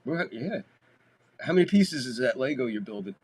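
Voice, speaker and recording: Medium in pitch, fairly quick, and animated, this man is doing live commentary on a baseball stream. He keeps the play-by-play casual and chatty, swears a lot, and gets loud during big plays.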